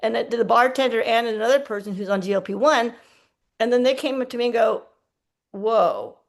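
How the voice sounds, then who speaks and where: A woman's voice: a little high, brisk, vocal fry. Chatty woman telling a story. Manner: chatty, acts out quoted dialogue. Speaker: team member sharing a story. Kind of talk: casual storytelling on a group call.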